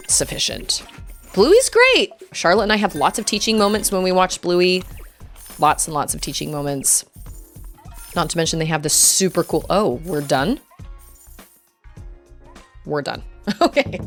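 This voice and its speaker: A fairly low-voiced woman from Utah chats and rambles while she streams a game, laughing often between thoughts. She enunciates every word, with hard R's. Faint game music plays behind her. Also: fairly bright tone. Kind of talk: casual chat while playing a game.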